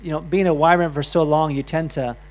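A man's voice: on the high side, steady tone, brisk. A middle-aged man giving a loose, chatty health talk to a live audience, full of restarts and asides. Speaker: health speaker.

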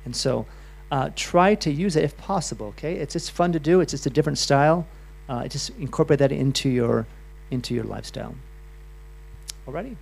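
A man's voice: fairly high pitch, a little fast, creaky, a little mellow, breathy edge. A middle-aged man giving a loose, chatty health talk to a live audience, full of restarts and asides. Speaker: health speaker.

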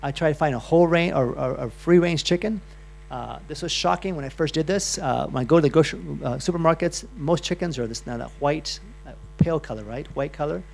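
A man's voice: fairly high pitch, a little fast, vocal fry, hardly any pauses, darkish tone. A middle-aged man giving a loose, chatty health talk to a live audience, full of restarts and asides. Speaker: health speaker.

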